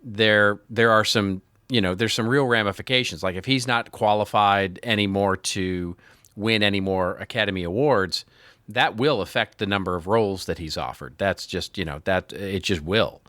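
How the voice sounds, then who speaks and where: A man co-hosts a marketing podcast, chatting casually with lots of restarts and fillers. His voice is on the low side and a bit bright, at a moderate pace, in a studio-quality recording without echo.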